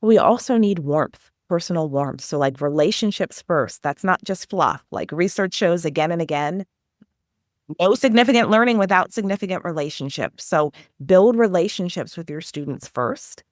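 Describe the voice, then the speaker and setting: A woman with a lowish voice answers interview questions in an earnest, animated way. She talks things through at length and acts out little bits of classroom dialogue. The sound is dry and close. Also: moderate pace, no echo. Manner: enthusiastic, earnest, animated explaining with acted-out teacher questions. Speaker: education consultant guest.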